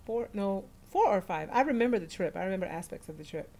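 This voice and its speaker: A woman's voice: medium pitch, animated, quick pace, mellow. Chatty woman streaming live from a phone. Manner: chatty, laughs often, greets viewers by name. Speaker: livestream host. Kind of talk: casual livestream chat.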